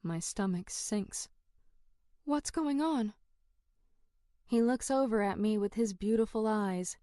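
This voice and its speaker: A woman narrating a first-person fantasy audiobook in an expressive, dramatic way. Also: mid-range voice, normal speed, dry recording, studio quality.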